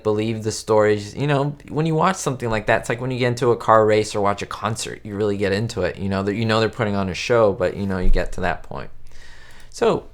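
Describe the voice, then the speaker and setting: A man with a fairly low voice chats casually on a live stream and answers viewers' questions as they come in. He rambles and keeps restarting his sentences. His talk is loose, with lots of "like" and "you know". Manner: chatty, rambling, many fillers and restarts. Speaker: YouTube host answering live chat. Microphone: webcam setup at home.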